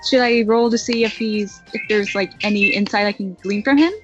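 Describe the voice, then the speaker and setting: A woman with a mid-range voice plays a character in a tabletop role-play, speaking briskly but hesitantly with many fillers. The audio is muffled and lo-fi, with faint music.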